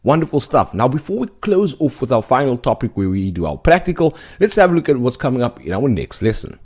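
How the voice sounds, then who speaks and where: A man's voice: mid-range voice, sing-song, a little fast, darkish tone, husky. A man narrating a web development lesson, explaining code step by step and often checking in with "okay?". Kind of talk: scripted tutorial narration.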